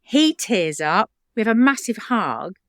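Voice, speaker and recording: A middle-aged woman from the UK, a charity founder telling stories in an interview, animated and quick to laugh. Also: mid-range voice, no room sound, clean studio sound. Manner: animated, laughs often, acts out quoted voices. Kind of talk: conversational interview storytelling.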